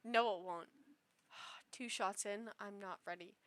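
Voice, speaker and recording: Tipsy after two shots, a woman streamer reads online posts and reacts casually, rambling emotionally with many restarts. Her mid-range voice moves slowly.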